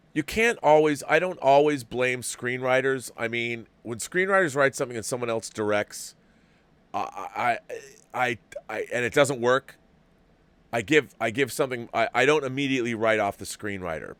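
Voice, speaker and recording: A man's voice: mid-range voice, a bit bright, smooth, no room sound. A middle-aged man talks casually as a show host, rambling and stumbling over repeated words as he answers viewer messages. His voice sits in an ordinary middle register. It is recorded close and dry. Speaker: host of a movie talk show. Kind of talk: casual livestream commentary, reading viewer chats.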